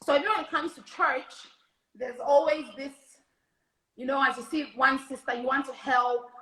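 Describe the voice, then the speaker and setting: A woman's voice: sits high, steady tone, moderate pace, bright, forceful tone. A woman from Zambia, a minister co-hosting a casual live discussion, explaining earnestly. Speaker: co-host and minister. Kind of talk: casual live-stream talk. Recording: echoey room.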